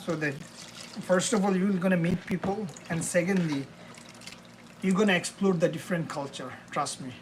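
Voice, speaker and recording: A man's voice: high voice, moderate pace, long pauses, noisy background. A young man live streaming while he cooks, chatting to his viewers in a rambling way and calling them bro and man. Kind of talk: casual live-stream chat while cooking. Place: home kitchen.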